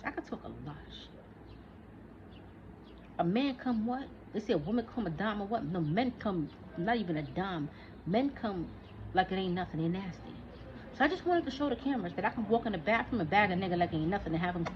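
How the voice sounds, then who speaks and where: A woman's voice: mid-range voice, animated, brisk. Heated, profane woman in her forties. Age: 40s. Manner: profane, heated, talks back to an imagined listener. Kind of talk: casual ranting monologue. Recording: dull lo-fi recording with faint noise.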